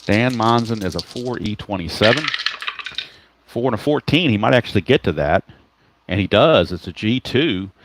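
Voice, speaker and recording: A man's voice: fairly low pitch, lively intonation, moderate pace, noisy background. A man calling a solo tabletop baseball game in a casual play-by-play style, chatty and self-correcting, muttering to himself while he hunts for cards.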